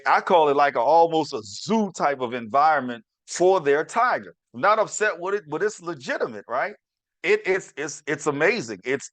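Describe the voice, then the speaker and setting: A man's voice: fairly high pitch, fairly bright tone, dry recording. A middle-aged man hosting his own talk show, telling a story in a chatty, repetitive way and talking straight to his listeners. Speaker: podcast host. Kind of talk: casual storytelling monologue.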